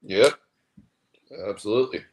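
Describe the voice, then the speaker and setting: A man chatting casually in an easygoing way, quick to agree. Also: lowish voice, darkish tone, low-quality recording. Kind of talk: casual chat.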